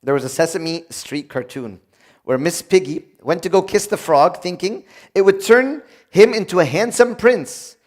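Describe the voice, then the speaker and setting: A man with a high-sitting voice preaches a sermon on marriage at a normal speed. He's animated, acting out little dialogues and joking with the congregation.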